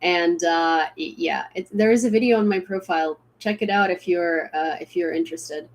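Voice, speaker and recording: A woman's voice: lowish voice, moderate pace. A young woman hosting a casual livestream, rambling with many fillers and restarts as she tells a story. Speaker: livestream host.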